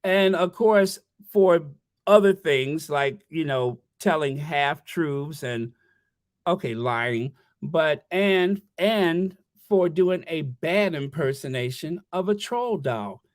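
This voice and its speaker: Slow rambling livestream host. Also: mid-range voice, animated, no room sound, studio quality. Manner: rambling, stammering, reading viewer messages aloud. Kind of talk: casual livestream chat.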